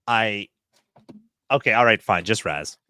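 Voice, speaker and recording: Man, low voice, dry close sound, casual podcast chat, animated rant. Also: unhurried, clean tone, no room sound. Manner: animated ranting with laughs. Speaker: podcast co-host.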